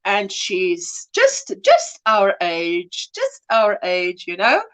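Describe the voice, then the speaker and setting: A woman's voice: mid-range voice, huge pitch swings, takes it slowly, a bit bright, poor audio. A woman co-hosting a casual crochet livestream, reading out viewer comments fondly and laughing often. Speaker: livestream co-host.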